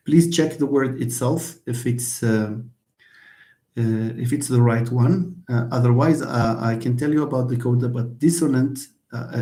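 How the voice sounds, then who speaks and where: A man's voice: medium pitch, dark tone, roomy sound. A man lecturing on linguistics in an online question-and-answer session, explaining patiently and repeating points. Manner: explanatory, repeats himself, mixes in Arabic phrases. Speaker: university English lecturer.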